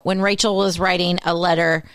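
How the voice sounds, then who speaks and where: A woman co-hosting a podcast, chatty and quick to laugh, telling stories in casual conversation. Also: on the low side, flat delivery, fairly bright tone, no room sound, studio quality. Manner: chatty, laughs often, storytelling. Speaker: podcast co-host. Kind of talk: casual chat.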